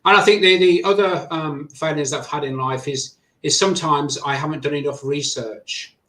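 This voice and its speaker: Animated English man telling stories. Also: on the high side, normal speed. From England. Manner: animated storyteller who acts out quotes. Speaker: guest. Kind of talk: conversational storytelling. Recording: roomy echo.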